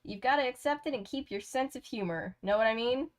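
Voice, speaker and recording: A woman's voice: fairly high pitch, a little fast, pitched above the performer's own voice, lightly acted. A woman voicing a talkative, easygoing male city cab driver in a read-aloud story. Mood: chatty. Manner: gabbing, easygoing, friendly.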